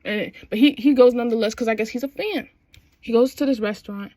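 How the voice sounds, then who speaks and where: A woman's voice: on the high side, quick pace, mellow. A young adult woman in casual chat, recapping a TV show with slangy phrasing and frequent laughs. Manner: chatty, slangy, laughs often while recapping. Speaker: vlogger.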